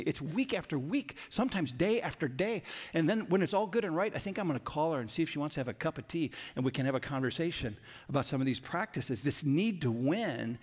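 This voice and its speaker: A man's voice: a little high, husky. A man preaching a sermon in a conversational way, telling stories with bursts of animation and repeating key lines for emphasis. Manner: animated storytelling with sudden bursts of loudness. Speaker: pastor.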